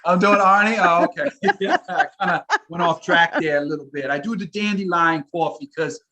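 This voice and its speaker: A man chatting casually as a guest on a live stream, relaxed and quick to laugh. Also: high voice, slight background noise.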